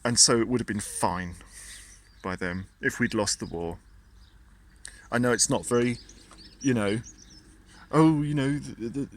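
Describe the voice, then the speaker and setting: A British male vlogger delivers a casual, indignant political rant, frequently stumbling over and repeating his words. His voice is lowish, his pace measured, and he pauses often.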